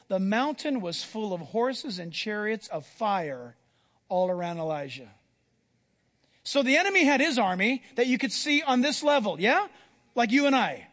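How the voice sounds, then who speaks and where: Animated high-voiced male preacher in a hall. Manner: animated storytelling, acts out Bible voices. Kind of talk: sermon. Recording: long hall reverb.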